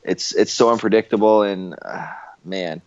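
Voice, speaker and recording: A man's voice: fairly low pitch, normal speed, darkish tone, dull audio. A man from Canada, co-hosting a podcast in laid-back, rambling casual chat. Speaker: podcast co-host.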